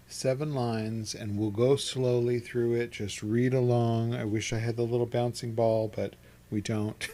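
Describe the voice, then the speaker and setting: A man leading a meditation and chanting class from his home studio, talking in a relaxed, rambling way with soft laughs and restarts. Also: medium pitch. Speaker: meditation teacher. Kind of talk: guided chanting instruction. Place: home studio with an open window.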